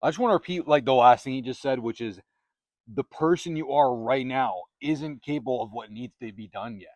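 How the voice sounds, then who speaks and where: A man's voice: medium pitch, a little mellow, no echo, muffled recording. A man hosting a self-help channel, giving a motivational talk to camera in emphatic, repetitive, punchy phrases on a close microphone.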